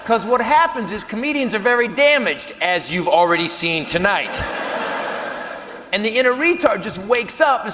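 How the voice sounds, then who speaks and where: A man doing a loud, animated stand-up comedy set on stage before a live audience, bursting into shouted punchlines. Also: high-pitched, normal speed. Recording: live hall recording with crowd noise.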